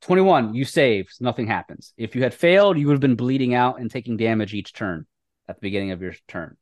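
A man's voice: medium pitch, expressive. A man running a tabletop game as game master, calling rolls and describing the action. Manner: brisk rules narration.

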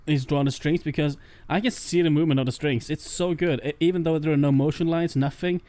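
High-voiced man, eager casual chat. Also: steady tone, brisk, warm tone, no echo. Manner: enthusiastic, profane, jumps in with jokes. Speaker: podcast co-host.

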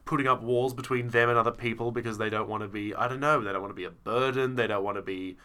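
Bright-voiced man rambling through a review. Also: medium pitch, steady tone, fast talker, smooth. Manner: rambling, self-interrupting with many fillers. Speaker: podcast co-host. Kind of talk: casual chat reviewing a show.

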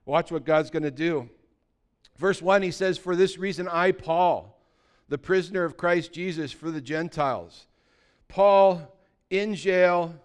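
A male pastor preaching with a smooth, resonant voice that sits a little high for a man. He drops into hushed asides, then builds to excited shouts. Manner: animated, swings from quiet asides to excited shouting. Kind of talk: sermon. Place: church sanctuary with congregation.

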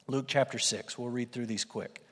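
A man preaching to a congregation, mostly chatty and direct but surging loud when he drives a point home. His mid-pitched voice rings out with a long reverb tail from a large hall. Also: fairly even intonation, moderate pace. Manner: conversational, emphatic, rising to loud bursts for quoted lines. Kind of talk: sermon.

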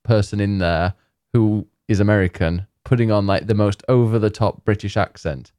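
A man's voice: lowish voice, moderate pace, a little mellow, no echo, studio quality. A man co-hosting a casual gaming podcast, playful and jokey, laughing often.

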